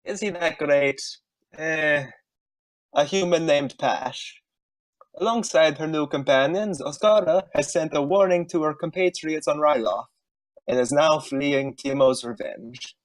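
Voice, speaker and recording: A man with a fairly high voice reads his character's backstory, wry and dropping joking asides. His voice is dry and close to the mic. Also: unhurried, no echo, poor audio. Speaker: player. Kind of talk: casual reading of a character backstory. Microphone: online voice call.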